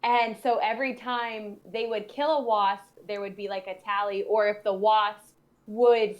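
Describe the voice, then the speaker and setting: A woman's voice: mid-range voice, level tone. A young woman co-hosting a podcast in casual chat, teasing and jumping in with playful remarks. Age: young adult. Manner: playful, teasing, quick interjections. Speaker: podcast co-host.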